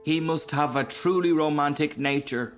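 A man's voice: a little high, moderate pace, music in the background, voice pushed up, close to an everyday voice. A man voicing a sentimental, sighing female Catherine wheel firework in a storybook reading, with a wistful manner.

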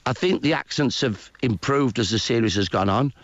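A man's voice: medium pitch, moderate pace, no room sound, lo-fi sound. A man with a Birmingham accent, a historian guest speaking earnestly in a radio interview. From Birmingham, England.

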